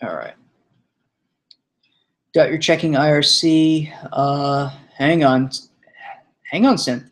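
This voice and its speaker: A man's voice: a little high, steady tone, takes it slowly, pauses often. A young man hosting a live stream, chatting casually, rambling, swearing and laughing while he sets up. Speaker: stream host.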